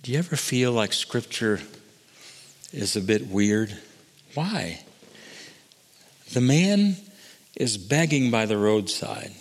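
A man preaching a sermon as pastor, swinging between soaring emphatic lines and hushed, intimate ones. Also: mid-range voice, in a large hall.

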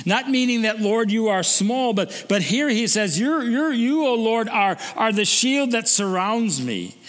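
A man with a high voice preaches a sermon, earnest and stumbling over his opening words before pushing on. His voice lifts higher when he presses a point. It rings out with a long reverb, as in a big church. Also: animated, measured pace, a bit bright. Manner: earnest, repeats words when starting phrases, rises in pitch when stressing a point. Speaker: pastor. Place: church service.

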